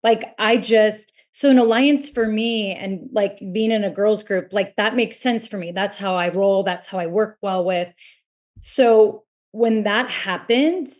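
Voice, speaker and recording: A woman chatting as a podcast guest at a middle pitch. She talks in a loose, chatty way, stacking fillers as she tells her story. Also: measured pace. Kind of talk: casual chat.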